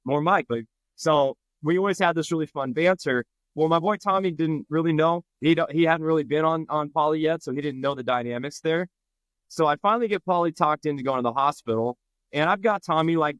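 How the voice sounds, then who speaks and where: A man's voice: a little high, a little fast, smooth, no room sound. A man from Nebraska, a firefighter guest, telling a story in casual chat and acting out the people in it. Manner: animated, acts out quoted voices.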